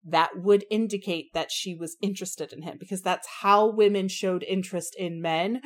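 Frank, animated woman in casual chat. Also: on the low side, moderate pace. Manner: animated, frank, slangy, acts out quotes. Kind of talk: casual book discussion chat.

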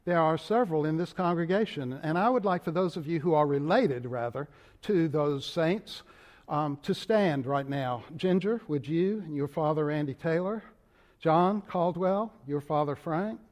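An older man with a Virginia drawl speaks from the pulpit, slow and deliberate, his somewhat high voice carrying through the long reverb of a large church sanctuary. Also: a little mellow. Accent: Southern US, Richmond Virginia. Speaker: moderator of denomination preaching. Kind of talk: sermon.

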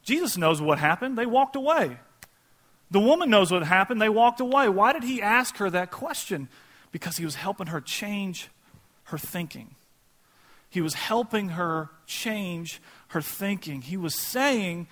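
A pastor preaching a sermon in a casual, conversational way, acting out quoted voices. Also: male voice, high voice, expressive, measured pace, a bit bright.

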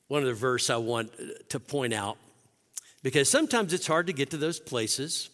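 Earnest at first, a pastor preaches a sermon that builds to impassioned emphasis. His mid-range voice is fairly bright, with lively intonation and normal speed, trailed by a long reverb tail.

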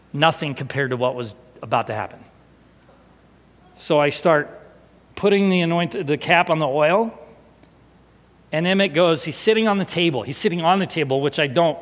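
A male pastor telling a personal story in a sermon, animated and expressive, sometimes falling to a hushed, emotional tone. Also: fairly high pitch. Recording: long hall reverb.

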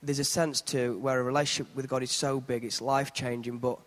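Church host with a steady, encouraging delivery, recorded in a reverberant hall. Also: male voice, medium pitch, brisk. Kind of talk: church service hosting and closing prayer.

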